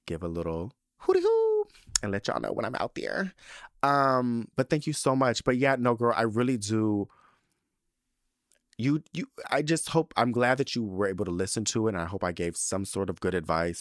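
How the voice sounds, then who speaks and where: A man's voice: low voice, no room sound, studio quality. A man hosting a podcast, reading listener letters aloud in a chatty, campy way full of fillers. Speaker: podcast host.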